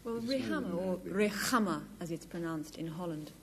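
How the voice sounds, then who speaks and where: A woman on a panel game, giving a definition in a crisp, matter-of-fact way. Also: fairly low pitch, expressive, a little fast, darkish tone, a little hiss or hum. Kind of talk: bluffing a definition.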